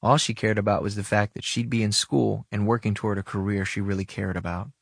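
Low-voiced man telling a wry story. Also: flat delivery, fast talker, creaky, dry recording, clean studio sound. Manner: wry, casual asides. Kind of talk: first-person story narration.

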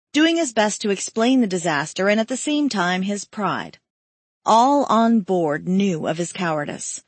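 A woman's voice: mid-range voice, no room sound. Woman reading a story aloud, dry. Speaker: narrator.

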